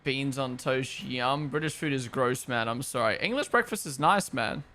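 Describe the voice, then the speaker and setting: Speaking at a normal speed with a sharp, animated tone and medium pitch, this young man from Australia or New Zealand hosts a race watchalong stream. He chats casually into his gaming headset, rambling, opinionated and swearing without restraint.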